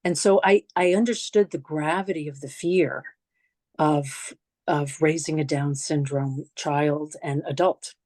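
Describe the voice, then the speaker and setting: A woman's voice: low-pitched, fairly even intonation, measured pace, a little mellow, no echo. A middle-aged woman with a New York accent, giving a memorial lecture as conversational, reflective personal storytelling with slides. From New York City. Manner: conversational, reflective, frequent restarts and asides.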